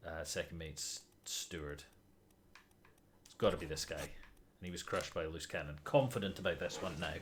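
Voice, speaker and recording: Low-voiced man muttering through a puzzle game. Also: steady tone, normal speed, slight background noise. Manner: muttering, thinking aloud, sighing, swearing in frustration. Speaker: streamer. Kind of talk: casual game livestream commentary.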